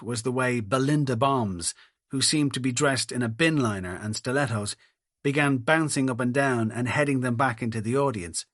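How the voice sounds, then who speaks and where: A man's voice: mid-range voice, fairly bright tone, dry recording. A middle-aged man narrating an audiobook in the first person, with wry, dry humour.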